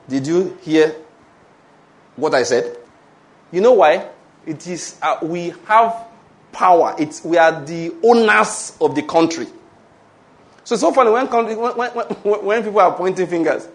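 A man's voice: high-pitched, a little slow, long pauses. A man with a Nigerian English accent, preaching a sermon with rhetorical questions and calls for amen. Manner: animated preaching with rhetorical questions and call-and-response. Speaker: pastor.

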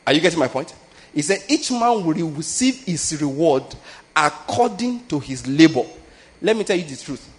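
Delivering a sermon like a conversational lesson, a middle-aged Nigerian-accented man keeps checking that his audience is following. He speaks at normal speed in a husky, sing-song voice on the high side.

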